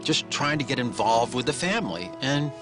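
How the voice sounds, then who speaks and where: Man talking to camera on reality tv, earnest, middle pitch, music under it. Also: sing-song, normal speed. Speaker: reality show cast member. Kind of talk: confessional reality commentary.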